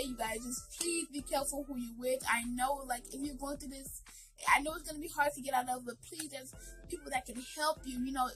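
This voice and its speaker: High bright-voiced woman telling a story. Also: rough recording. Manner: earnest, addresses viewers directly, many fillers. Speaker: vlogger. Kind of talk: emotional storytime.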